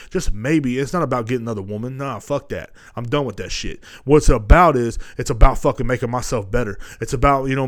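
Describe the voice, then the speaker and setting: A man in his thirties hosts a podcast on his own, delivering a rambling, profane monologue. He swings back and forth between loud ranting and low muttering.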